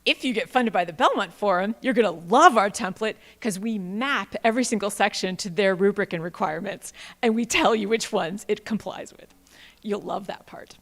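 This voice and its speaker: A woman's voice: mid-range voice, fairly quick, hardly any pauses. Playful woman presenting in a reverberant hall. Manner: playful, animated, jokey asides. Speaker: workshop presenter. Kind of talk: conference workshop talk. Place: large auditorium.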